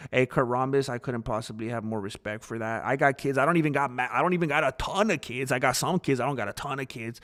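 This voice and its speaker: A man's voice: mid-range voice, fairly bright tone. A man hosting a casual live stream and answering viewers' chat earnestly. He often stops and restarts his sentences. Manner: halting, with restarts and fillers; earnest and talkative.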